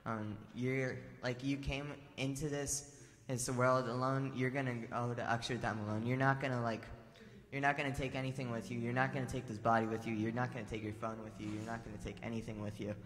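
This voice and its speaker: A man's voice: medium pitch, little pitch movement, fairly quick, a bit bright. A man telling a spiritual story to a temple assembly in a casual way, full of fillers and restarts. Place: large temple assembly hall. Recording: long reverb hall.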